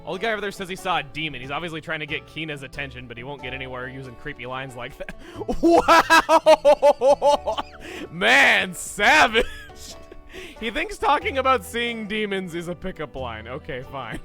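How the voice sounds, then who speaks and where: A young man streaming a game, talking through it in an animated, chatty, self-mocking way, over game music. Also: on the high side, quick pace. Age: young adult. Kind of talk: gameplay commentary.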